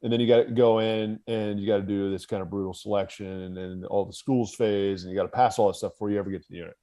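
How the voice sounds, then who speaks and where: This American man, once a Marine officer, talks fast in a warm, lowish, steady voice. Appearing as a podcast guest, he recounts his story frankly, with swearing and self-directed laughter, in a relaxed storytelling exchange.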